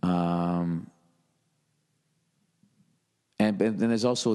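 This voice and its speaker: A man's voice: low voice, darkish tone, long reverb tail. A man hosting a solo podcast, rambling in a profane, sarcastic way. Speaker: podcast host, comedian.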